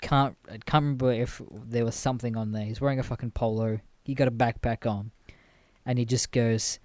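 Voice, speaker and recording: A young man, hosting a podcast and telling stories casually, animated and full of swearing and laughter. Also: medium pitch, fast, no room sound. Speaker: podcast host. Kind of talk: casual storytelling monologue.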